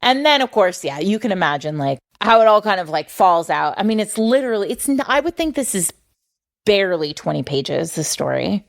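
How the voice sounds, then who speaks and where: A woman's voice: medium pitch, sing-song, fairly quick, vocal fry. A woman co-hosting a podcast, chatting casually about books and retelling a story with frequent self-corrections. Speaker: podcast co-host. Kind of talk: casual book-discussion chat.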